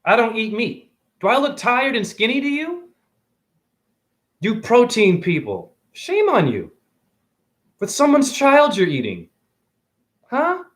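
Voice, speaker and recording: A man in his forties rants on a phone livestream, sermonizing to his viewers and peppering them with questions. His voice sits high for a man and leaps and dips all over the place. He is blunt, preachy and happy to swear. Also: huge pitch swings, slow pace, long pauses, fairly bright tone. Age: 40s. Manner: preachy, combative, swearing, asks the audience questions. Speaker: livestream host. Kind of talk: rambling livestream monologue.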